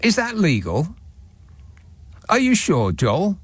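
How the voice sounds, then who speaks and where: A man's voice: sits high, wildly swooping pitch, slow pace, husky, no echo. A man hosting a late-night radio phone-in, his voice swooping up and down as he reads texts with dry, sardonic mock indignation. He sounds close and dry on a studio microphone.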